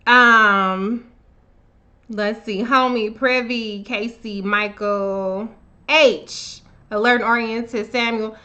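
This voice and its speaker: Woman, live stream host, casual chat, bright and sharp tone, a bit high, profane, blunt. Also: drawn-out words, highs cut off. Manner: animated, shouts out viewers by name. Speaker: livestream host. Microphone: own camera on a live stream.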